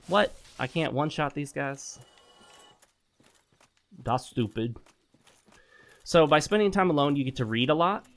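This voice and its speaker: Blunt, rambling man talking over gameplay. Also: mid-range voice. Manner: blunt, opinionated advice-giving; rambling with frequent fillers and self-corrections. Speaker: gaming channel host. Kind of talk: casual commentary over gameplay.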